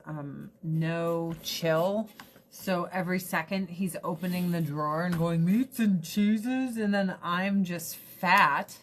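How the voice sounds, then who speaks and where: Slow-talking chatty woman vlogger. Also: on the low side, slight background noise. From United States. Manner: rambling, chatty, swears casually. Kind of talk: casual chat to camera.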